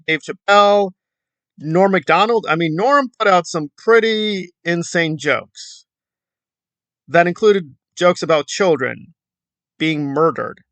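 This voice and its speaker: A man with a bright, forward voice and a slightly raised pitch talks through commentary in a rambling, hesitant way. His sound is dry and close, with no room around it. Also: creaky, no echo. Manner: rambling, hesitant, with frequent fillers. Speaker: commentary YouTuber. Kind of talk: casual commentary.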